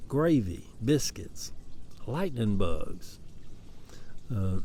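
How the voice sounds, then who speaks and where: A man's voice: a little high, mellow. Folksy Southern man in his seventies. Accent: Southern American, Atlanta Cabbagetown dialect. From American South. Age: 70s. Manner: rambling, folksy, storytelling. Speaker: social media storyteller. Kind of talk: casual vlog monologue. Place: outdoors in a backyard garden.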